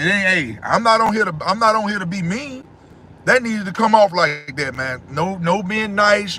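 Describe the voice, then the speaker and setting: A man hosting a casual livestream, answering his chat in a loud, preachy way and repeating phrases. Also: sits high, slight background noise.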